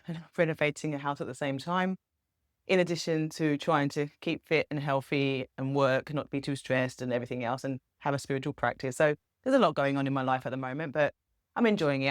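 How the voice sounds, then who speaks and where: A woman's voice: extremely low pitch, no room sound, clean studio sound. Chatty upbeat woman vlogger. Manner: upbeat, earnest, chatty with small laughs. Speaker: spiritual vlogger. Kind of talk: casual reflective monologue.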